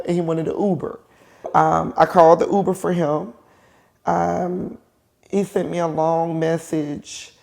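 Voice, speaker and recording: A woman's voice: low voice, gravelly, mellow. Emotional middle-aged woman telling her story. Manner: emotional, halting, with pauses and restarts. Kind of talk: personal testimony.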